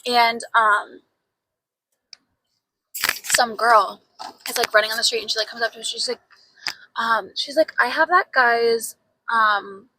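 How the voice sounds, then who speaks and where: A woman's voice: on the high side, measured pace, pauses often, noisy background. A young woman co-hosting a podcast, telling a story in casual chat, full of "like" and swearing freely. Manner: chatty storyteller, heavy use of "like", swears freely. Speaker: podcast co-host.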